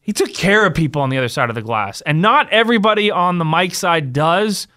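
A man's voice: a little high, animated, a little fast, pushed and bright. A man co-hosting a casual podcast, talking bluntly and emotionally and teasing his partner. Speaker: podcast co-host and radio host.

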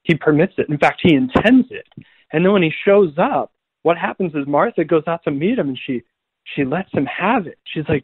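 Priest guest on a phone line, higher voice, lively storyteller who does the voices. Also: male voice, normal speed, husky, dry recording. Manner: animated storytelling, acts out quoted voices. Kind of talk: conversational radio talk on faith. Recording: tinny phone line, dry.

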